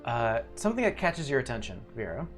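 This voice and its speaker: Rambling game master man, soft music bed. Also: mid-range voice, fairly quick. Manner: relaxed, rambling narration with fillers. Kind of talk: narrating a tabletop game.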